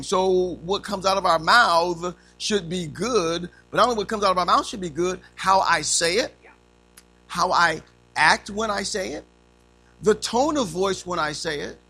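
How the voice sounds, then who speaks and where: A man's voice: high voice, unhurried, soft background music. A man in his fifties preaching a sermon, telling funny stories and acting out the voices in them. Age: 50s. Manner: animated storytelling, acting out quotes; humorous.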